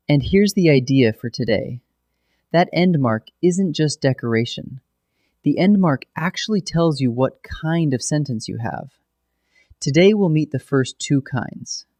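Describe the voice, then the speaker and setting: A man's voice: medium pitch, darkish tone, no echo. Patient male grammar teacher, dry sound. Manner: clear, patient, explaining step by step. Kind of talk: scripted lesson narration.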